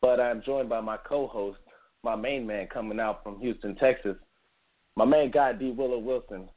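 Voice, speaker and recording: A man's voice: medium pitch, normal speed. A man hosting a casual boxing podcast, chatting upbeat with his co-host. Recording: tinny phone-like line.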